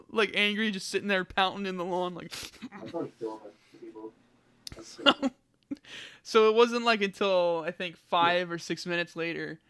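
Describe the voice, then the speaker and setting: High, bright young man telling a story. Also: clear, resonant tone. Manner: laughs often, animated retelling. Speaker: podcast co-host. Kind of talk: casual storytelling chat. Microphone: podcast mic.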